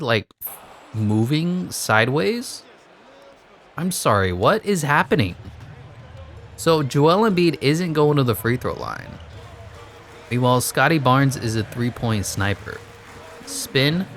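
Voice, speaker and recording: A man giving sarcastic, exasperated commentary over his own basketball video game play, jumping up high when he gets annoyed. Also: a little hiss or hum. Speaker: gaming commentator. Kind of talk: live gameplay commentary.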